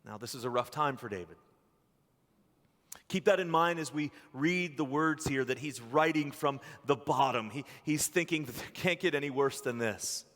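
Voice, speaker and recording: A man delivers a sermon from the pulpit in an earnest, measured way, pausing often and sometimes restarting a phrase. His voice sits at an ordinary middle pitch. It rings out with a long echo through the church sanctuary. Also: a bit bright. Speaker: pastor.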